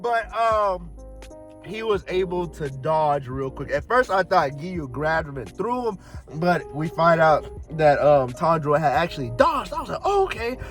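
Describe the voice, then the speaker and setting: A young man, giving an excited, slangy spoiler review, breaking into laughs and loud outbursts. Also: a little high, measured pace, faint music behind. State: stuffy nose. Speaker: anime reviewer.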